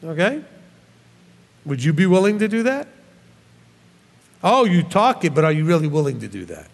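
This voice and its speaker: A man preaching a sermon as a rabbi teacher, scolding with rhetorical questions and animated swings. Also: fairly high pitch, normal speed, vocal fry, in a large hall.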